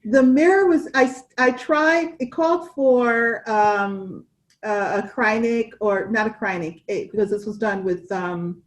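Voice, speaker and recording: Woman co-host, unhurried, rambling friendly stitch talk. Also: fairly high pitch, low-quality recording. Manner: chatty, wandering, with restarts and laughs. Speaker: cross-stitch podcast co-host. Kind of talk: casual chat showing stitching.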